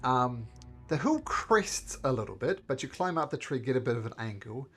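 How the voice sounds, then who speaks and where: A man's voice: mid-range voice, lively intonation, moderate pace, a bit bright, breathy edge, soft background music. A man narrating casually as game master of a tabletop game, with plenty of hesitations.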